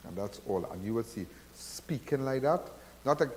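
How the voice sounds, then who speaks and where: A radio call-in show host from Trinidad and Tobago, speaking with a Trinidadian accent, chats casually in a rambling, repetitive, preachy manner. His mid-range voice is unhurried with lively intonation, and there's a long reverb tail.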